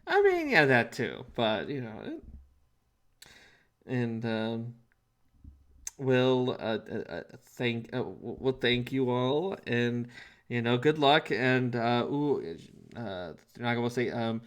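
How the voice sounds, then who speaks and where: A man's voice: mid-range voice, sing-song, slow, a bit bright. A man running a casual tabletop game as game master, rambling with many fillers.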